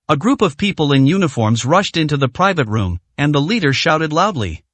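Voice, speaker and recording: A man narrating a story in an audiobook with expressive delivery. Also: fairly high pitch, fairly quick, few pauses, no echo. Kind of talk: scripted narration.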